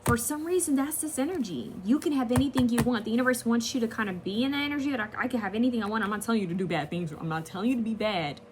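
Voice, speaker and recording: A woman's voice: a little high, rapid-fire, few pauses, a little hiss or hum. Chatty woman giving a tarot reading. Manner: chatty and rambling, slangy asides. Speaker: tarot card reader. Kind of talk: casual pick-a-card tarot reading.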